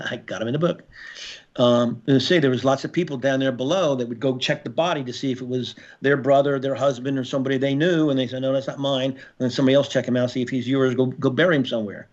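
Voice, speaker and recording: Older male guest, former Marine, gritty and profane storyteller, restarts often, average pitch, slightly dull lo-fi audio. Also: fairly even intonation, quick pace, a little mellow. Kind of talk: storytelling in a podcast interview.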